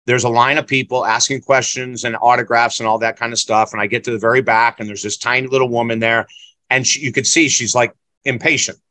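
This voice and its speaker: Blunt, bright-voiced man in his 60s. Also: mid-range voice, fairly even intonation, a little fast, dry recording. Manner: emphatic, blunt and preachy. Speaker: guest, motivational speaker. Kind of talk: storytelling in conversation.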